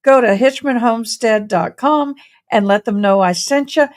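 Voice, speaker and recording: A woman's voice: on the high side, moderate pace. A woman hosting a casual livestream, bubbly and effusive, greeting viewers as y'all. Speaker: host of a legal news channel.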